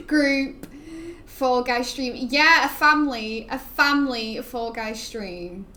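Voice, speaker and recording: A woman's voice: sits high, drawn-out words, bright, forceful tone. A young woman, chatting casually and rambling while she streams a game, laughing often. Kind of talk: casual gaming stream chat.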